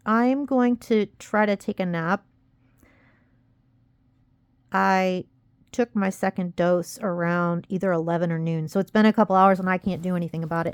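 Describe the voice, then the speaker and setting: A woman's voice: fairly low pitch, clear, resonant tone, no room sound. A young woman vlogging casually, rambling and frustrated, close to tears as she warns viewers. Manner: rambling, frustrated, self-critical. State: upset, near tears. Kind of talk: casual confessional vlog.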